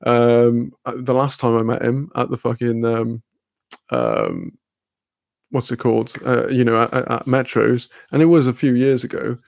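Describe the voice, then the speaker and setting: Young man, casual sweary storyteller, gravelly, dry close sound. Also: medium pitch, little pitch movement, moderate pace, darkish tone, dry recording. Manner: rambling, sweary, laughing, fillers. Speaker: streamer.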